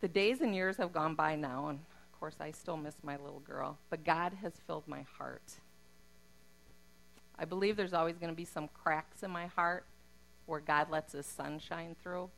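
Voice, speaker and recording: Low, gravelly-voiced woman giving testimony. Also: moderate pace, fairly bright tone, low-quality recording. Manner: earnest, heartfelt storytelling. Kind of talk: personal faith testimony.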